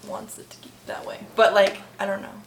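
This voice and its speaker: A woman's voice: mid-range voice, completely flat delivery, a little fast. A young woman speaking thoughtfully but hesitantly in a casual group discussion. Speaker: discussion participant. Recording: echoey room with noise.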